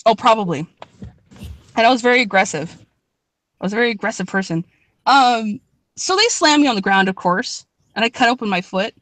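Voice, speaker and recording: On the high side and expressive, this young woman's voice is fairly quick and a bit bright, with frequent pauses and no echo. She's a podcast co-host, rambling and swearing plenty as she tells a story in casual chat, recorded on a dry close mic.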